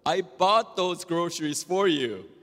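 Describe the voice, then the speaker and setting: A man voicing an irritated male neighbor who shouts blunt retorts. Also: high-pitched, expressive, a little slow, in a large hall, full character voice. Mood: defiant. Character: irritated middle-aged male atheist neighbor.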